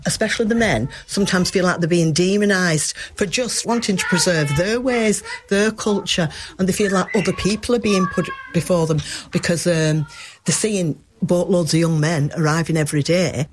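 A woman's voice: lowish voice, moderate pace, noisy background. A woman town councillor, speaking plainly and directly in a news interview.

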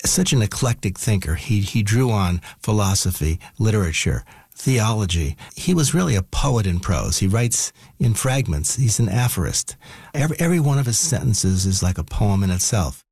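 A male scholar speaks admiringly in an interview, his low voice husky and swinging widely in pitch. The sound is dry, with no room around it. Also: very animated, normal speed, darkish tone, no room sound.

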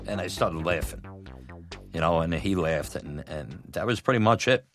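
A middle-aged man telling a personal story, animated and laughing often, acting out what others said. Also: sits low, normal speed. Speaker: storyteller, former batboy. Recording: music bed under voice.

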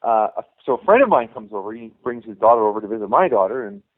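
A man's voice: fairly low pitch, lively intonation, fast. A middle-aged man, a youth hockey coach, telling a long story in a casual interview, full of restarts and "you know". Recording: tinny phone-line sound.

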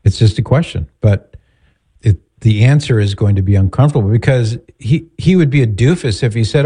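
A man hosting a call-in advice show, counseling a caller in a measured, patient way. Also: medium pitch, warm tone, breathy edge. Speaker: radio advice host.

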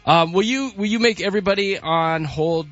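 A man's voice: sits high, moderate pace, a bit bright. A man hosting a radio phone-in game, joking and teasing the callers. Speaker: radio host. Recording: muffled radio broadcast with music.

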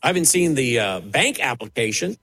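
A man's voice: medium pitch, big pitch swings, a little fast, a bit bright, breathy edge, poor audio. A man preaching, fiery and emphatic, mocking the voices he quotes. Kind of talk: preaching sermon.

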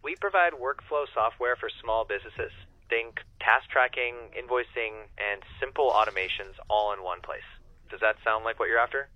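A man's voice: mid-range voice, moderate pace, dry recording, highs cut off. A synthetic male AI voice agent answering questions in a casual, upbeat customer service manner with short replies. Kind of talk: customer service phone chat.

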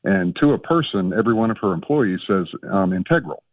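A man's voice: fairly low pitch, lively intonation, brisk, dry recording. A man in his fifties from Florida, calling in to a radio show to ask a question in a chatty, hesitant way with many restarts. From Florida, USA. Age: 50s. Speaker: caller. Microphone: phone. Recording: tinny phone line, distant.

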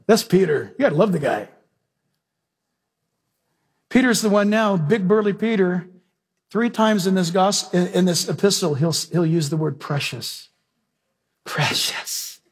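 A male preacher delivers a sermon in a high-pitched voice. His tone is husky and breathy, and he presses points home with emphasis and direct questions to the congregation. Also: moderate pace, pauses often. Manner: emphatic, questions the audience, animated storytelling.

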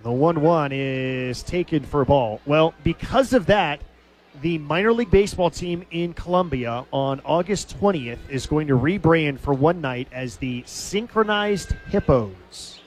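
A man doing radio play-by-play for a baseball game, his voice sitting a touch high for a man. He drifts between calling pitches and telling a light story, chuckling as he goes. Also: expressive, a little slow.

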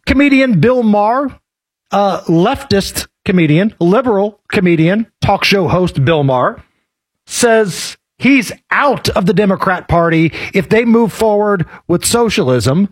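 A man hosting a casual political talk show, sardonic and quick to joke. His voice sits high and carries a husky edge. His pitch leaps around with lively swings. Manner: sardonic, jokey. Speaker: podcast host.

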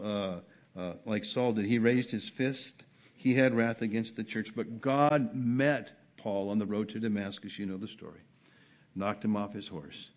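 A male pastor giving a sermon, with many hesitations and repeated words, moving from quiet, low asides to loud, high emphatic peaks.

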